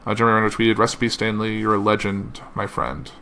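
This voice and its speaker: A man's voice: on the low side, little pitch movement, sharp tone, slight background noise. A man hosting a podcast, reading a tribute and quoted messages aloud, with slips and uh fillers. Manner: reads slowly with uh fillers and slips. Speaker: podcast host.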